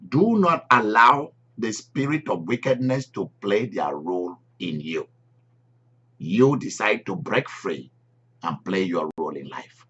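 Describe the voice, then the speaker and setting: A man preaching a sermon, emphatic and repeating key phrases, swinging between loud and soft. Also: fairly low pitch, animated, measured pace, breathy edge. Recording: dull lo-fi recording.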